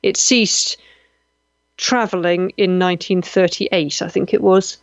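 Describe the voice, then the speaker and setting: A woman from Malta hosts a live radio show, chatting animatedly about listeners' comments and joking through anecdotes, gushing with exclamations and self-deprecating humor. Her voice is on the low side and unhurried. The audio is lo-fi with no room sound.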